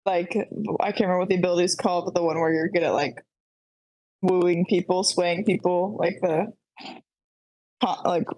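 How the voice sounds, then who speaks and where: A woman's voice: fairly low pitch, steady tone, moderate pace, long pauses, darkish tone, no echo, poor audio. A woman playing a tabletop game, searching for words and trailing off with fillers. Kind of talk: casual chat during play.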